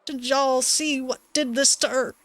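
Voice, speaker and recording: A woman voicing a gruff older rural man, loud and folksy, fiercely protective of his chickens. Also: high voice, fairly even intonation, unhurried, no echo. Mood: worried. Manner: folksy, blustering, raised voice.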